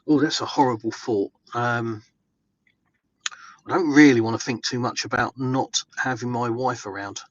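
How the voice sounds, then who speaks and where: A man's voice: mid-range voice, steady tone, moderate pace, dull audio. Chatty English man vlogging from his car. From England. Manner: chatty and upbeat, answers viewers' chat, many ums. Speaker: vlogger live-streaming. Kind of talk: casual live-stream chat while driving. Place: inside a car, driving.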